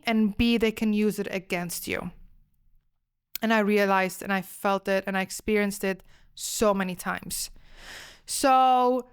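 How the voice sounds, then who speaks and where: Chatty woman from Switzerland, animated storyteller. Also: a little high, clean tone. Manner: animated, chatty, lots of fillers. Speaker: podcast host. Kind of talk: solo podcast storytelling.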